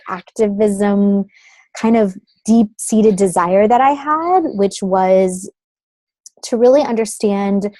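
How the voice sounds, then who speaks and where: A chatty woman in her thirties tells her story as an interview guest, her voice mellow and warm. She leans on "like" and "um" as she talks over a phone call, and the sound is dry and close, with no room around it. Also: medium pitch, no echo. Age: 30s. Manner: chatty, uses many fillers like "like" and "um". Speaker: guest, creative consultant.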